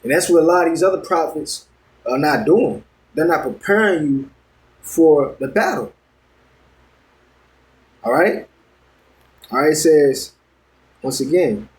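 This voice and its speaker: A man's voice: a little high, expressive, a little slow, pauses often. A man preaching a sermon, reading news and scripture aloud and commenting on it. He talks conversationally, stumbles over words and keeps checking in with his listeners. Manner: conversational, checks in with "all right?" constantly.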